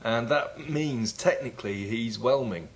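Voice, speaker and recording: A man's voice: medium pitch, measured pace, slight background noise. A man co-hosting a comedy podcast, talking casually with a dry, wry delivery. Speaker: podcast co-host.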